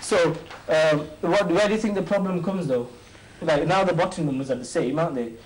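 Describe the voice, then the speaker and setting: A man's voice: fairly high pitch, a little hiss or hum, low-quality recording. Chatty, jokey man teaching a maths lesson. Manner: quizzing students with quick questions, chatty and jokey. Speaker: maths teacher and show host. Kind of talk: informal maths lesson with students.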